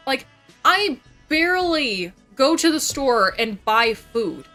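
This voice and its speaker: A young woman livestreamer venting in casual chat about family drama, swearing constantly and talking fast. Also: high-pitched, big pitch swings, pushed and bright, soft background music. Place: home.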